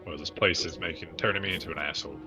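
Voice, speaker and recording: Deep, bright-toned wry male player. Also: steady tone, racing, faint music behind. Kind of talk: casual tabletop game chat.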